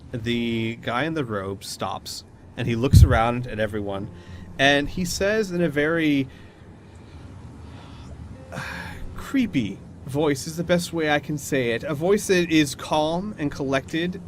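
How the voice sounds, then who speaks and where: Man, game master, chatty, descriptive, mid-pitched voice, faint background noise. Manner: descriptive, chatty, laughs easily, explains rules. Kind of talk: narrating a tabletop role-playing game.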